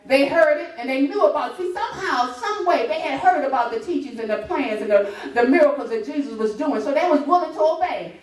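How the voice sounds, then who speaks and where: High-voiced woman preaching in an echoey church. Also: brisk, few pauses. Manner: lively, laughing, half-singing call-and-response preaching. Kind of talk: sermon. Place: church sanctuary. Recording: roomy church sound from a distance. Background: congregation responding.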